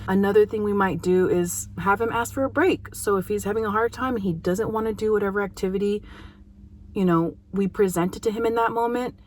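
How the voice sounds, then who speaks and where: An earnest woman in her thirties speaks directly to parents as a behavior analyst. Her voice sits at an ordinary middle pitch, and her talk is casual and heartfelt, broken by emphatic pauses. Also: a little hiss or hum.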